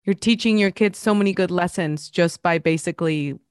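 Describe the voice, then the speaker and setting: A woman's voice: lowish voice, clean tone, dry recording, clean studio sound. A woman hosting a podcast, chatty and encouraging as she talks with her guest. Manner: warm, encouraging and chatty, with quick affirmations. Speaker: podcast host. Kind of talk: supportive interview conversation.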